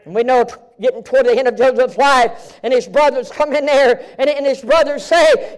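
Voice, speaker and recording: A man preaching a sermon at a live event, swinging from hushed near-whispers to shouting with a fervent, repetitive cadence. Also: extremely high pitch, a little fast, hardly any pauses.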